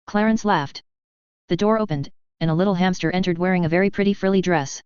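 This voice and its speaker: A lowish, very smooth female voice reads a science-fiction tale in an even, measured way. The sound is dry and close, a little dull and lo-fi. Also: no room sound. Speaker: audiobook narrator. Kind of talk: scripted story narration.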